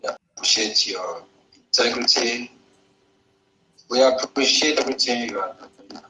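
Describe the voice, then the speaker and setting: A man giving a measured, solemn speech of thanks on behalf of his people. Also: medium pitch, bright, forceful tone, reverberant, rough recording.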